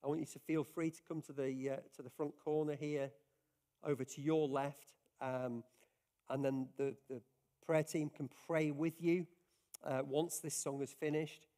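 A man's voice: fairly high pitch, fairly even intonation, measured pace, dark tone. A man preaching a sermon in an earnest, conversational way, often restarting his sentences as he talks to his congregation. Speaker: pastor. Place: church service.

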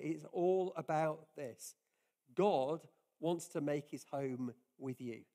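A man's voice: fairly high pitch, warm tone. A man preaching a sermon in an earnest, conversational way, often restarting his sentences as he talks to his congregation. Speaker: pastor. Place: church service.

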